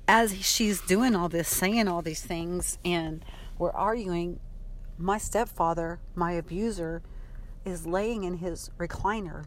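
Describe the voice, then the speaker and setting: A woman speaks in a lowish voice, recounting a personal story with halting restarts and frequent fillers. Her delivery is emotional and unpolished, like talking straight to a camera. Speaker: storyteller sharing personal experience.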